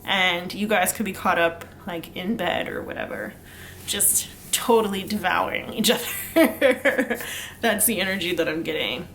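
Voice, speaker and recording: Tarot reader young woman, lowish voice, rambling casual chat, faint room noise. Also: a little slow, creaky, a bit bright. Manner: chatty, rambling, laughs often, lots of um and like. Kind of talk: casual pick-a-card tarot reading.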